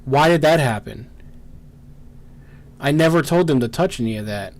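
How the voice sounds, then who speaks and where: An animated, medium-pitched gameplay streamer talks through his game live, getting frustrated as it goes wrong. He swears and shoots out strings of "no" in rapid fire.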